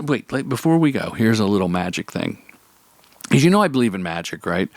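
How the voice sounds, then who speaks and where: A man's voice: low-pitched, no room sound. A man hosting a podcast, talking in a chatty, rambling, upbeat way and often breaking off mid-sentence. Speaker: podcast host. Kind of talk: casual solo podcast monologue.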